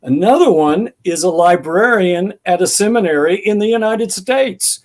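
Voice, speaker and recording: A man's voice: sits high, moderate pace. An older man, an author being interviewed, answering thoughtfully with anecdotes and acting out remembered dialogue. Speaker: author guest.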